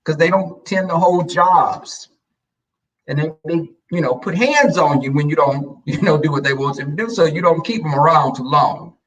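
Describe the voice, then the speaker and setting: Sassy higher-pitched man, mic a bit far off. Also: normal speed. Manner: animated, sassy, acts out quoted lines. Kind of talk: casual storytelling chat.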